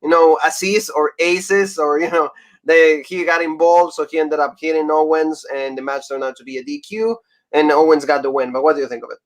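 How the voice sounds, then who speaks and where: Male wrestling-chat host, slightly raised pitch, loose filler-heavy delivery. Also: fairly quick. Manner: loose, lots of "like" and "you know", laughs between points. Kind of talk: casual chat.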